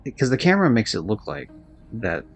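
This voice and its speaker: A man's voice: medium pitch, sing-song, fairly quick. A man streaming a video game live, chatting loosely and rambling, swearing now and then. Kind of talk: casual live-stream chat while gaming.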